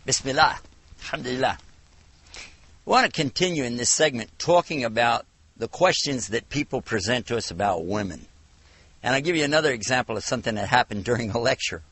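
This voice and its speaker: A man from the United States giving a televised religious lecture, telling stories with animated, acted-out dialogue. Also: medium pitch, a little fast, slightly rough. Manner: animated storytelling, acts out dialogue. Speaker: Islamic lecturer.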